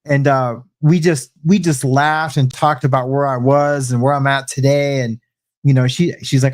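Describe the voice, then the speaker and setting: A man telling his life story in a relaxed interview, often restarting sentences and filling pauses. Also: medium pitch. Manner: halting, restarts often, frequent fillers. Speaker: guest sharing testimony. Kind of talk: casual conversational storytelling.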